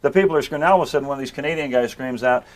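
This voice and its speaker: A man's voice: mid-range voice, rapid-fire, very noisy. An older man, a magician, telling comic stories in a chat-show interview, doing voices for the people he quotes. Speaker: magician guest. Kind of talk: storytelling interview.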